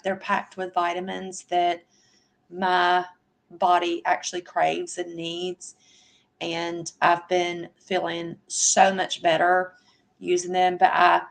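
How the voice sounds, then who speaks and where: A middle-aged woman chatting casually on a livestream, with a gravelly, fry-laden voice pitched a little low. She talks slowly and evenly, with little rise and fall, and addresses her viewers fondly by name. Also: a bit bright. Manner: affectionate, answers chat comments by name. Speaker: livestream host.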